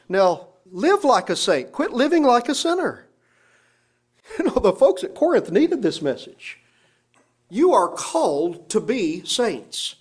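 A middle-aged man, a pastor, preaching a sermon with rising emphasis and pointed rhetorical questions. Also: high-pitched.

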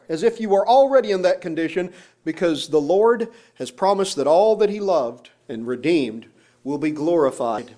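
A middle-aged man, a pastor, preaching a sermon with rising emphasis and pointed rhetorical questions. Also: high-pitched.

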